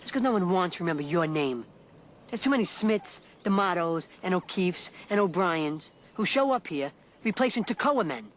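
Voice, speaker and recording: An actor playing a bitter, battle-hardened army veteran who sneers at new recruits in a war drama. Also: male voice, high-pitched, lively intonation, normal speed, a bit bright, a little hiss or hum. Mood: scornful. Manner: scornful, sneering rant.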